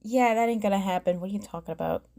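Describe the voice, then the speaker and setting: A woman's voice: mid-range voice, quick pace, gravelly, warm tone. A woman hosting a reaction commentary video, chatty and sarcastic, with lots of fillers. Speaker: commentary vlogger.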